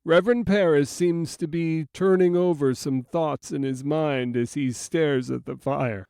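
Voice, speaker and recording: A man narrating a historical audiobook in the first person, with a measured, solemn reading style. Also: on the high side, vocal fry, dark tone, smooth, no echo, studio quality.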